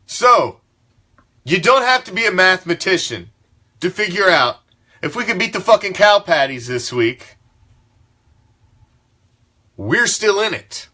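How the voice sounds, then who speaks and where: A man's voice: high voice, sing-song, unhurried, pauses often, pushed and bright. Fired-up, swearing sports host man. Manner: profane, fired-up, emphatic. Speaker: sports talk show host. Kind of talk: fan sports commentary rant.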